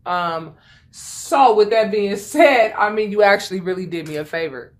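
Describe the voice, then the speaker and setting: A woman's voice: medium pitch, normal speed, a little hiss or hum. A woman giving a casual tarot reading, talking bluntly and chattily, swearing freely and repeating lines for emphasis. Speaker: tarot reader.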